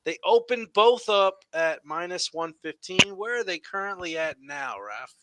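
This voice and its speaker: A man's voice: high-pitched, expressive, measured pace, very noisy. A man co-hosting a sports podcast, teasing and pushing back on the others in casual chat. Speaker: podcast co-host.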